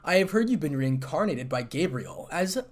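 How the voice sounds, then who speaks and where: A man voicing a smug, laid-back male fallen angel leader who stays calm and amused in a fan story reading. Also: a little high, moderate pace, pitched above the performer's own voice.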